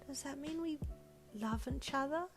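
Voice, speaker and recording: A woman voicing a bossy but sweet four-year-old girl in a high childlike voice. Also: unhurried, over music. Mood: shy whispering.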